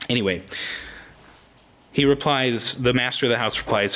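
A man in his thirties preaching a sermon, animated and chatty, often acting out the voices of people in the story. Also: medium pitch, normal speed, long pauses. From Oregon, United States. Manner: animated, acts out voices in quotes. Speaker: pastor.

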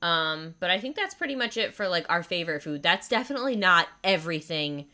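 A woman's voice: fairly low pitch, big pitch swings, brisk, sharp tone. A young adult woman hosting a casual chat, talking with enthusiasm and lots of filler "like"s. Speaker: podcast host.

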